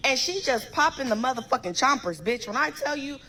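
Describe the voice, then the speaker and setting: A woman's voice: sits high, fairly quick, slight background noise. A woman telling a messy relationship story in a casual, profane rant, acting out everyone's lines. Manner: profane, animated, quotes people in her own voice.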